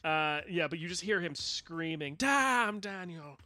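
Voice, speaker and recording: Bright-voiced male game master. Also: fairly high pitch, fairly even intonation, normal speed, dry recording. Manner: apologetic, stumbling with many fillers. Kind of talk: narrating a tabletop game.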